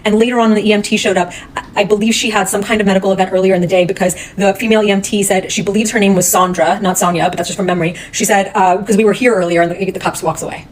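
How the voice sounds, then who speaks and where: A woman's voice: medium pitch, steady tone, rapid-fire, slight background noise, rough recording. A woman retelling a true crime case in a casual, blunt, heated way, swearing often.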